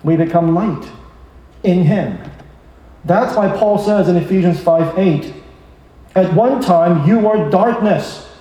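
A man preaching a sermon, emphatic, rising and slowing down to stress his points. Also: sits high, mellow. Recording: echoey hall from far off.

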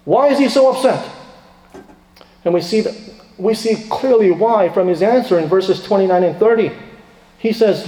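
A man preaching a sermon with a high, mellow voice that carries through a large reverberant hall. He swings from loud, emphatic questions to hushed, quiet asides. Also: moderate pace, long pauses.

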